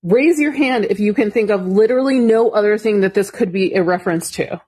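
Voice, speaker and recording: A woman's voice: medium pitch, brisk, a little mellow. A woman reading documents aloud as she comments, incredulous and mocking, with profanity.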